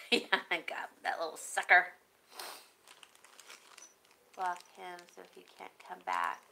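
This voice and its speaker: A woman's voice: on the low side, very animated, vocal fry, pushed and bright, poor audio. A woman chatting casually on a live stream, showing jewelry and muttering to herself as she fiddles with her phone. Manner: unhurried, chatty, self-talk while fiddling with her phone.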